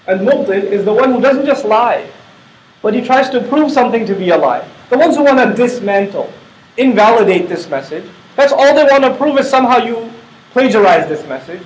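A man's voice: very high-pitched, animated, normal speed. A middle-aged man giving a conversational religious lecture on scripture, often asking his listeners rhetorical questions. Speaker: Quran teacher. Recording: echoey lecture room.

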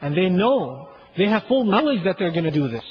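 A man's voice: high voice, sing-song, brisk, slightly rough, highs cut off. A man giving a chatty religious lecture, often asking "right?" and chuckling. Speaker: Islamic lecturer.

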